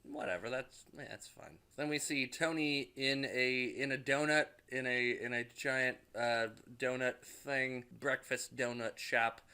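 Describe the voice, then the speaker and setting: A man's voice: medium pitch, steady tone, unhurried, hardly any pauses, sharp tone, clean tone. A man casually recapping a movie in rambling, profane talk with frequent restarts. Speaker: movie reviewer.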